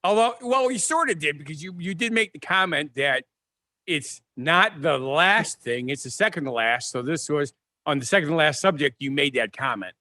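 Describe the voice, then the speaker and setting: A man's voice: a little high, animated, normal speed, bright, forceful tone, no room sound. A man from the American Midwest, co-hosting a casual podcast chat, talking in a rambling, storytelling way over a video call. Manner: chatty, storytelling, self-interrupting. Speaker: podcast co-host.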